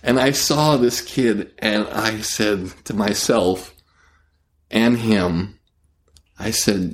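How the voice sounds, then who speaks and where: Man, comedian, storytelling, low voice, slow delivery, acts out scenes. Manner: animated, acts out scenes, trailing restarts. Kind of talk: storytelling in conversation.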